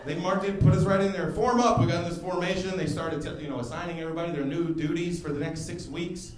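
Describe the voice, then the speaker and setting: A man in his thirties doing a stand-up comedy set, telling stories and acting out other people with loud exclamations. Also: a little high, steady tone, fast talker. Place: comedy club stage before a laughing crowd. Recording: roomy club sound with audience noise.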